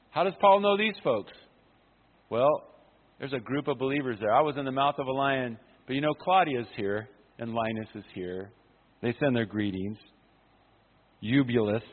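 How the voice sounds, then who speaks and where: Man, pastor, impassioned sermon, husky voice, tinny phone-like sound. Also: medium pitch. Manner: impassioned preaching, swings from loud to hushed. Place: conference hall. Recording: phone-like sound with long hall reverb.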